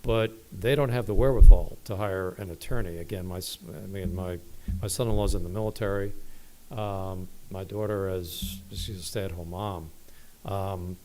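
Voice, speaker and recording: A middle-aged man speaking as a resident at public comment in a council meeting, halting and upset, restarting often. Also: deep voice, steady tone, a little mellow, a little hiss or hum, rough recording.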